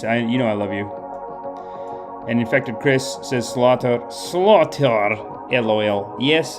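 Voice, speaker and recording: A man hosting a comedy livestream, rambling in mock-sermon style and correcting himself as he goes. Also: medium pitch. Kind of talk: mock-guru livestream banter. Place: home streaming setup.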